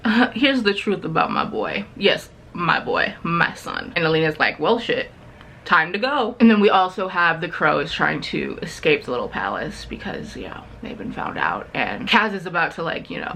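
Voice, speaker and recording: Animated gossipy woman with a bright voice. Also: fairly low pitch, creaky. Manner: gossipy, animated, swears freely. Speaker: book and TV vlogger. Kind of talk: casual recap vlog.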